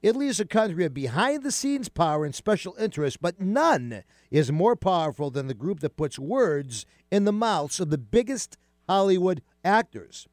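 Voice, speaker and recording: A man hosting a casual radio talk show, chatty and animated, with many fillers and restarts. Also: high-pitched, normal speed, few pauses, no echo, studio quality.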